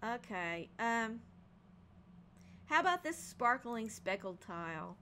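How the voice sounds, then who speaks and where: A woman's voice: fairly high pitch, very animated, slow, bright, forceful tone, slight background noise. Chatty woman narrating a home build. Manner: chatty, thinking aloud with frequent ums. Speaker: game building video creator. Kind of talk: casual gameplay narration.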